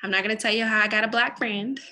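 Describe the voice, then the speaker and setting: A woman's voice: mid-range voice, fairly even intonation, quick pace, bright, forceful tone. A woman co-hosting a casual podcast, talking bluntly and straight, acting out quoted exchanges with animation. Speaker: podcast co-host.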